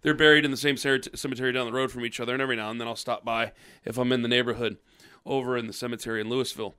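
A man's voice: mid-range voice, little pitch movement, very fast, pushed and bright, clear, resonant tone. A man from with a lingering cough, telling a rambling story on a podcast. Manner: rambling, restarts, acts out quoted voices. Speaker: podcast co-host. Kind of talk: casual storytelling chat. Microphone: podcast microphone.

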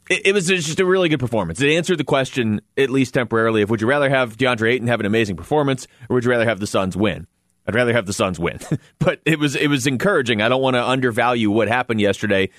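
A man's voice: mid-range voice, fairly bright tone, no echo. Male sports radio host, chatty and easy, mid-range voice, dry close studio mic. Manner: chatty, laughs often, quick asides. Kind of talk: casual sports radio talk.

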